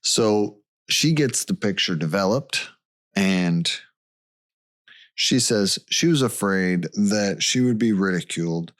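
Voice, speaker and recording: A man's voice: on the low side, no echo. A man co-hosting a podcast, retelling a case step by step in a casual way and checking in with "okay" as he goes. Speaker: podcast co-host. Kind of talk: casual storytelling chat.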